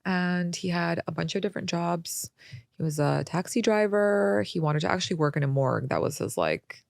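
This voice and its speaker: Creaky-voiced young woman telling stories. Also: lowish voice, animated, moderate pace, no room sound, clean studio sound. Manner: chatty storyteller, acts out quoted voices. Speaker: podcast guest. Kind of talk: casual interview talk.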